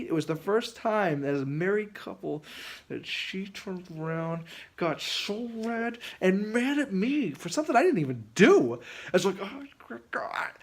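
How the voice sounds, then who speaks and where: A man telling a casual anecdote in a rambling way, full of fillers and restarts. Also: sits high. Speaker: storyteller.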